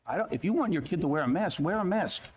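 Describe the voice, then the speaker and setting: A man's voice: fairly high pitch, expressive, fast. A man at a school board meeting, arguing his position insistently and repeating his points. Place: meeting room.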